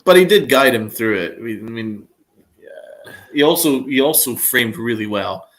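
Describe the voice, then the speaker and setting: A man co-hosting a casual live watch-along who calls each pitch and swears when his team struggles. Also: animated, moderate pace, a crowd in the background. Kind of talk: casual play-by-play over a live game.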